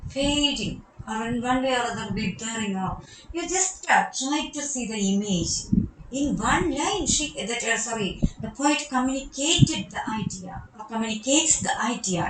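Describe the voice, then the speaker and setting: A woman's voice: fairly high pitch, expressive, normal speed, reverberant, background noise. A woman with a Malayali accent teaching a poetry lesson, explaining step by step and repeating key terms. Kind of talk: recorded online lecture on poetry.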